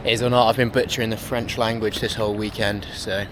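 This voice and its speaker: A man's voice: lowish voice, little pitch movement, a little fast. A man vlogging while walking around a city, chatty and self-deprecating with rambling asides. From England. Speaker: travel vlogger. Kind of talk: casual travel vlog. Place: outdoors in city streets. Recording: loud city street noise. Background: traffic and street sounds.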